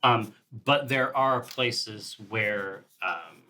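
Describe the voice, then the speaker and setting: A man's voice: medium pitch, drawn-out words, sharp tone. A man playing in a tabletop role-playing game, bantering in a playful, hammy way. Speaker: player. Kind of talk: casual tabletop play.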